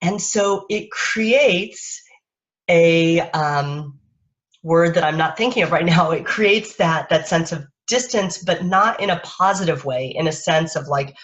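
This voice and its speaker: A woman parenting coach giving a live-streamed talk in a soft, unhurried, lulling way, speaking into a webcam or phone. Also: fairly low pitch. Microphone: webcam or phone on a live video stream. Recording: dull lo-fi stream audio.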